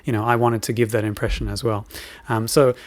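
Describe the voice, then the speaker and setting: A man's voice: medium pitch, flat delivery, fairly quick, no room sound. A man co-hosting a podcast, chatting casually about recording music, rambling with many fillers and restarts, chuckling often. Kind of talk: casual chat.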